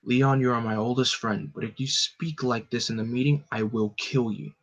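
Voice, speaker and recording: A man's voice: mid-range voice, fairly even intonation, moderate pace, fairly bright tone, natural voice. A man reading the part of a cold, threatening male corporate villain. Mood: cold threat. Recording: dull lo-fi recording.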